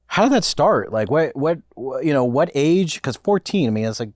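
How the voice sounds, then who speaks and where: A man's voice: fairly high pitch, very animated, moderate pace, darkish tone, dry recording, clean studio sound. A man hosting a casual podcast interview, asking rambling questions with restarts.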